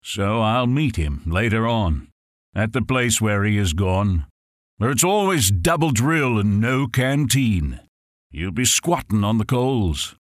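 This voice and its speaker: A man giving a dramatic poetry recitation, swelling loud on the refrains and dropping low on the ends of lines. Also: dry recording, studio quality. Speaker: poetry reader.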